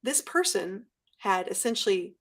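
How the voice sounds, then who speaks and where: A woman guest chatting casually in an interview, telling stories with lively acted-out quotes. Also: mid-range voice, a little slow. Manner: animated storyteller, acts out quotes. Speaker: guest YouTuber.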